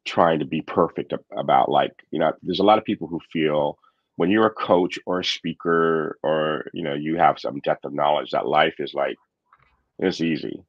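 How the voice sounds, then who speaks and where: A man's voice: very deep voice, normal speed, no room sound, dull audio. A man hosting a podcast, reflecting candidly in a casual chat with many fillers and restarts. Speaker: podcast host and coach. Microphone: remote call microphone.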